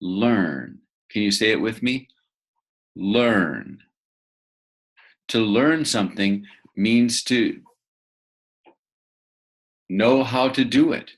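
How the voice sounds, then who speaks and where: A man's voice: lowish voice, lively intonation, drawn-out words, long pauses. A man teaching vocabulary to young learners, patiently repeating words and asking the listener to say them back. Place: room with a bed, indoors.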